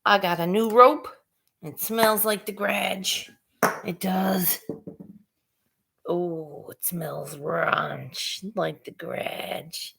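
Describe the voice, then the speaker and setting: Slow, laid-back woman. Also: lowish voice, steady tone, vocal fry, a bit bright, slightly rough. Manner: laid-back, chatty, greets viewers by name. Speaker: live stream host and artist. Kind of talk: casual live stream chat.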